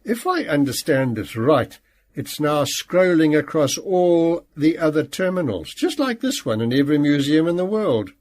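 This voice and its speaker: A man narrating a novel in the first person, animated and playful. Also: on the high side, normal speed. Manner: animated, acts out quoted speech. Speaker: audiobook narrator.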